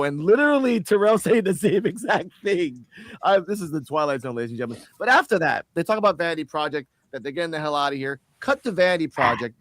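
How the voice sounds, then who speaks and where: A man with a fairly high voice hosts a casual wrestling review, rambling and animated, tripping over his words. The sound is dry and close, with no room around it. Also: dry recording. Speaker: podcast host.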